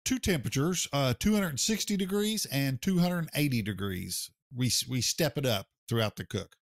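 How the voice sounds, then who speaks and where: Folksy plainspoken American pitmaster. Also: male voice, mid-range voice, expressive, moderate pace, no room sound, clean studio sound. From United States. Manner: folksy, plainspoken, says sir. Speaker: guest, barbecue pitmaster. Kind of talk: casual interview chat.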